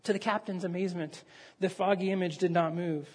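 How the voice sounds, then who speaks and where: A man's voice: high voice, steady tone, fairly quick, darkish tone, husky. A male pastor delivering a sermon, telling a story with acted dialogue and raising his voice for emphasis.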